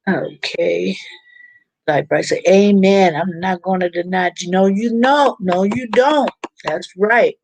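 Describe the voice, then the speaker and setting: A woman's voice: lowish voice, slow pace, gravelly, dry recording. A woman hosting a casual live stream, chatting informally and reading out viewer comments. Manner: chatty, informal, preachy about faith.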